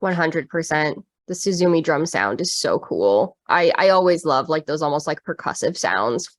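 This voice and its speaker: A woman's voice: sits low, expressive, moderate pace, dry recording. A woman co-hosting a podcast, talking in a thoughtful, rambling way with lots of fillers. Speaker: podcast co-host. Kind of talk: casual chat.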